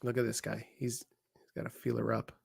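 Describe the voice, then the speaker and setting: A man's voice: mid-range voice, completely flat delivery, fairly quick, creaky, breathy edge, no room sound, clean studio sound. A man co-hosting a live wrestling watch-along, chatting and joking casually. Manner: joking, chatty, reacts loudly. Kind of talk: casual live commentary chat.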